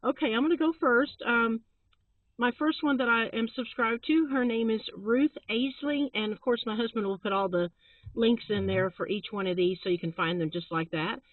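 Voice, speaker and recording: A woman's voice: on the high side, normal speed, no echo. A middle-aged woman co-hosting a casual chat, friendly and chatty, laughing often as she recommends channels. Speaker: channel co-host. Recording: tinny, phone-like sound.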